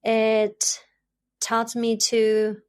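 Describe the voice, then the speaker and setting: A woman from China, speaking English, answers interview questions in a reflective way. She stutters, repeats words and pauses often. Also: fairly high pitch, monotone, clear, resonant tone. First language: Chinese. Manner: stutters, soft and thoughtful, with frequent pauses. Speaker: podcast guest, doctoral student.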